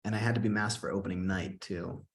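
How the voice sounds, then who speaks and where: As an interview guest, a young actor and singer casually retells events in a fairly low, creaky voice, breaking into quick excited bursts. He's animated, quoting himself and performing his own past reactions.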